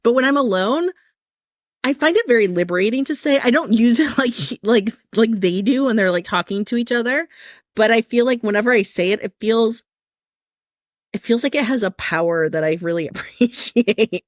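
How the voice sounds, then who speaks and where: A woman's voice: fairly high pitch, lively intonation, normal speed, no room sound. Woman cohost on a podcast, candid, giggles mid sentence, dry mic. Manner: candid, laughs while talking. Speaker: podcast co-host. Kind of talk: casual podcast chat.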